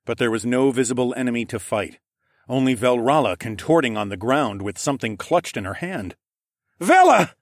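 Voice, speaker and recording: A man reading a novel aloud as an audiobook narrator, in a dramatic, animated reading style. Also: mid-range voice, brisk, no room sound, clean studio sound. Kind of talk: scripted narration.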